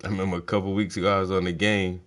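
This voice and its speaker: A man's voice: low voice, little pitch movement, very fast, fairly bright tone. A man chatting casually while painting, telling laid-back, profane stories. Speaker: painting vlogger. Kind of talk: casual rambling chat.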